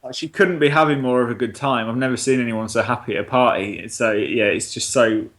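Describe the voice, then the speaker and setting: Man, podcast co-host, casual chat, sweary, laughing, middle pitch. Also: a little fast, fairly bright tone. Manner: sweary, laughing, acts out quoted dialogue. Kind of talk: casual film review chat.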